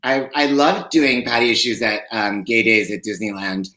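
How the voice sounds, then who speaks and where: A man's voice: lowish voice, steady tone, normal speed, bright, forceful tone. Chatty campy man in an echoey kitchen. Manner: chatty, campy, many fillers. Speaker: co-host. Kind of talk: casual chat. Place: home kitchen.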